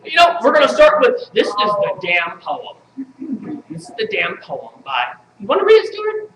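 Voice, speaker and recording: A woman's voice: mid-range voice, wildly swooping pitch, normal speed, crowd noise. A woman doing a crude, joking, profane live poetry reading with banter at a coffee shop venue. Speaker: performance poet. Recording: echoey room, noisy live stream.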